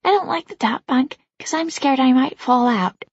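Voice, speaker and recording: A woman reading an audiobook, voicing a shy, earnest little girl in a high, grave voice. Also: expressive, normal speed, slightly rough, no echo, lo-fi sound. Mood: worried.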